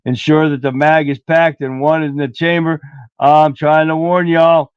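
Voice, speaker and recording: Man, livestream host, blunt and folksy, fairly high voice, dull dry lo-fi sound. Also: flat delivery, normal speed, no echo. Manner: folksy, blunt, clears throat often. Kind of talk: casual political commentary.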